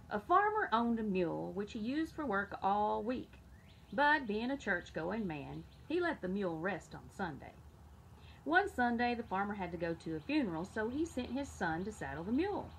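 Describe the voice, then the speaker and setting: A woman school media specialist reading a folk tale aloud to children with expressive delivery. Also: mid-range voice, a little hiss or hum, low-quality recording. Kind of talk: storybook read-aloud.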